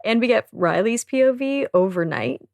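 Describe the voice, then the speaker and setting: A woman's voice: a little high, big pitch swings, moderate pace, vocal fry, darkish tone, no echo, clean studio sound. A woman co-hosting a book podcast, giving emphatic commentary in casual chat. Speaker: podcast co-host.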